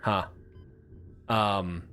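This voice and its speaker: A man's voice: on the low side, steady tone, drawn-out words, sharp tone, clean tone, soft background music. Chatty young man streaming a game. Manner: rambling, chatty, self-mocking. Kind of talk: casual gameplay commentary.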